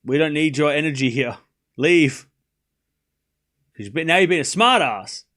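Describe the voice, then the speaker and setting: Male streamer, higher-pitched, playful live match commentary with teasing chat banter. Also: animated, moderate pace, fairly bright tone. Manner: playful, scolds chat, pleading.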